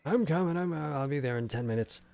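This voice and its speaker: A man's voice: medium pitch, fast, gravelly, a little mellow, a little hiss or hum. A man streaming a video game, chatting casually with viewers, self-mocking and rambling with lots of fillers. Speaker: gaming streamer. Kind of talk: casual live-stream chat while gaming.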